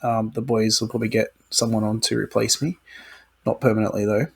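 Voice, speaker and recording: A man co-hosting a podcast, with a somewhat husky voice. He talks in a relaxed, casual way as he moves the show along and makes announcements. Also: fairly low pitch, fairly quick. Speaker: podcast co-host.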